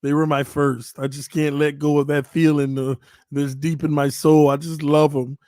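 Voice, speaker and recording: Brief: a slightly tipsy man, playful fan host, fairly high-pitched, laughs a lot. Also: flat delivery, normal speed, dark tone, dry recording, clean studio sound. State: a little tipsy. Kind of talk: casual livestream chat.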